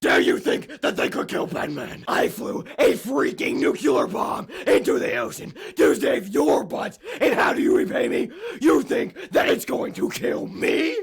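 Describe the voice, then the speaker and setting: Boastful parody superhero, a man playing him high and gravelly, full of self-regard and big swoops. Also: sing-song, measured pace, hardly any pauses, shouting, heavily acted. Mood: indignant. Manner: boastful, refers to himself in third person. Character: pompous self-obsessed male superhero parody.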